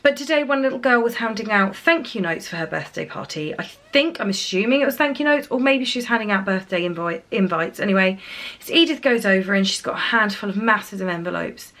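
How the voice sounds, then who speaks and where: A woman, talking quietly and emotionally to camera in a casual vlog. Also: mid-range voice, animated, a little fast. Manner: soft-spoken, often dropping quiet and tearful. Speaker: parent vlogger.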